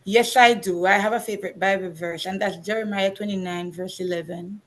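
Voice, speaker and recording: A woman's voice: medium pitch, steady tone, brisk, fairly bright tone. A woman from Jamaica with a Jamaican accent, a teacher speaking earnestly as a guest in a casual interview.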